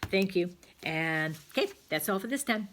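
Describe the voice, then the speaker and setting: A woman teaching a grammar lesson to young children, patient and encouraging, speaking slowly and clearly. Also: mid-range voice, lively intonation, fairly bright tone, slight background noise.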